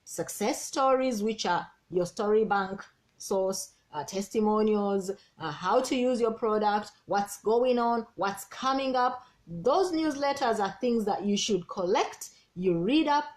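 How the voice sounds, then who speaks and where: A woman, a business coach giving an energetic, persuasive team training talk and repeating key words. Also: medium pitch, measured pace.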